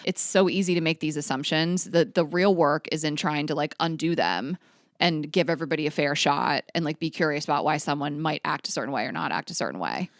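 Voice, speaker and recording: A woman co-hosting a chat podcast, her voice sitting a little low. She tells stories candidly and acts out her own past thoughts. The mic is close and dry. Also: fairly quick, no echo. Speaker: podcast co-host.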